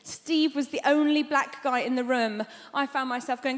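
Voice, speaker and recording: High-voiced woman comic from Iran. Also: fairly even intonation. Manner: wry, self-mocking storytelling with quick asides. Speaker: stand-up comedian. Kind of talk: stand-up comedy set. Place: large theatre stage. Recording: long theatre reverb, loud background noise.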